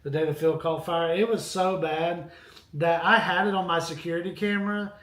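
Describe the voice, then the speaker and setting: Man, high voice, casual live-stream storytelling, rambling and animated, echoey room. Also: moderate pace. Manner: animated, rambling anecdote with asides to viewers.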